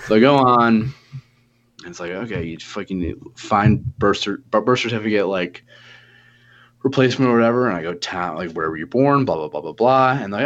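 A young man in his twenties, with a lowish voice, tells a story in loose casual chat. He swears often and slips into quoted back-and-forth. The audio sounds a little dull and lo-fi. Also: a little fast. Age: 20s. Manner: profane, animated retelling with quoted dialogue.

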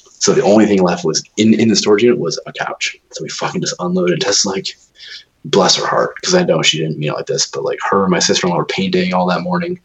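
A young man with a very deep voice, talking casually and cursing freely. He rambles through his story with lots of "like" and restarts. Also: lively intonation, fast, creaky, poor audio. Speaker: new homeowner. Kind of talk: casual chat.

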